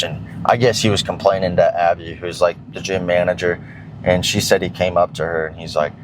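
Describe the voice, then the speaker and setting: A man's voice: low voice, brisk, noisy background. A young man casually chatting to his viewers in a fitness vlog, rambling with many fillers and casual swearing. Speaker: fitness vlogger.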